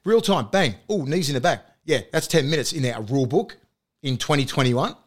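A man's voice: fairly high pitch, animated, brisk. A man with an Australian accent, co-hosting a casual podcast chat and ranting heatedly with plenty of swearing. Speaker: co-host.

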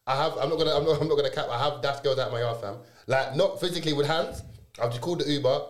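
A young man in casual podcast chat, using slang and lots of quick agreeing fillers. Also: mid-range voice, echoey room.

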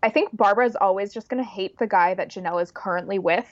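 A woman co-hosting a casual chat, frank and agreeable, with quick reactions. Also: medium pitch, no room sound. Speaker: podcast co-host. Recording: dry, dull lo-fi sound.

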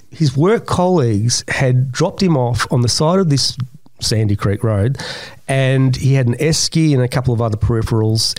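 A man's voice: medium pitch, no room sound. A man with an Australian accent, a guest in an interview, telling long stories and acting out the voices of people in them. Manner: animated storyteller, acts out voices in his anecdotes. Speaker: guest, yowie researcher. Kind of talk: casual storytelling interview.

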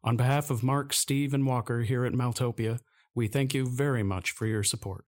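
A man of middle pitch reads a podcast outro in a plain, friendly way. His delivery stays even and scripted. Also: moderate pace. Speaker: podcast host.

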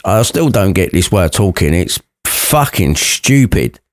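A man's voice: sits low, big pitch swings, a little slow. A man voicing a melodramatic, lovesick young nobleman in a comic storybook retelling, theatrical and mopey.

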